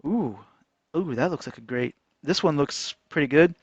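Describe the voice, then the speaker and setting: A man ranting casually while trading on a chart, animated and mocking. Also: on the high side, moderate pace, slightly rough, dry recording. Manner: animated, mocking voices, frequent laughs. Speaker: trading vlogger. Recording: dull lo-fi dry sound.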